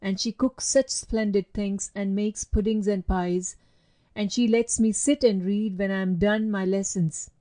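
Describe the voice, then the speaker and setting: A woman voicing a timid, gentle young boy who speaks softly and wistfully in a storybook reading. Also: medium pitch, steady tone, measured pace, lightly acted. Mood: earnest. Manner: soft and wistful.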